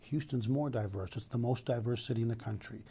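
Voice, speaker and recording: Middle-aged man, police chief, dark voice, gravelly, earnest and emphatic. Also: mid-range voice, a little fast. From Los Angeles, US. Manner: earnest, emphatic, talks through many restarts. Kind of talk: news interview answers.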